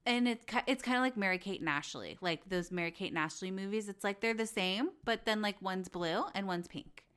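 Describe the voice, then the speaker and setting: A woman's voice: medium pitch, brisk, few pauses, fairly bright tone, clean tone. Young female host, casual and effusive, talks like chatting with a friend. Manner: gushing, chatty, acts out quoted voices. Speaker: podcast host. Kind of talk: casual chat about reality TV.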